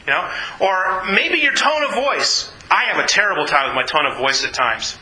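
A man's voice: sits high, big pitch swings, normal speed, bright, forceful tone, echoey room, slight background noise, rough recording. A man preaching a sermon in an earnest, conversational way, often repeating his phrases. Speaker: pastor.

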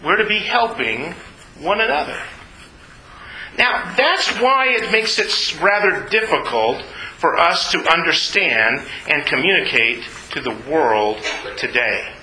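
Male pastor, animated sermon delivery, high voice, roomy church acoustics. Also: slow. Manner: animated preaching, acts out voices in Bible scenes.

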